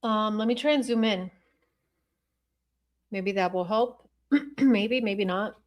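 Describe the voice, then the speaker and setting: A woman's voice: mid-range voice, slow pace. A woman hosting a podcast livestream, thinking aloud as she replays video footage and talks to her viewers and chat in a blunt, profane way. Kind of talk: casual livestream commentary.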